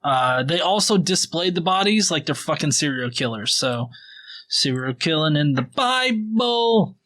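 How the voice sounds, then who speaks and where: A man's voice: a little high, lively intonation, a little slow, pushed and bright. A man hosting a podcast, recapping the Bible in a casual, profane and sarcastic way, rambling with fillers. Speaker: podcast host.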